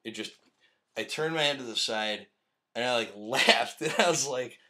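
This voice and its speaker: A man's voice: mid-range voice, moderate pace, bright, forceful tone. A man hosting a podcast, telling a long story in casual chat, rambling and swearing with frequent laughs. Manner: profane, rambling, laughs often. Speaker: podcast host. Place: live-streamed podcast.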